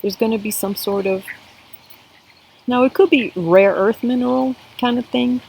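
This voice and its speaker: A woman's voice: fairly high pitch, moderate pace, vocal fry, darkish tone, husky, poor audio. A woman giving a spiritual cup reading to camera, earnest and emotional, talking straight to her viewers. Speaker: tarot and coffee-cup reader.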